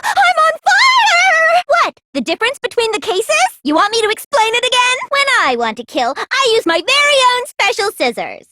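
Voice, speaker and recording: A woman's voice: very high-pitched, bright, forceful tone, a little hiss or hum, heavily acted. An actress voicing a manic, cackling young female serial killer in a video game, gleeful with shrieking outbursts.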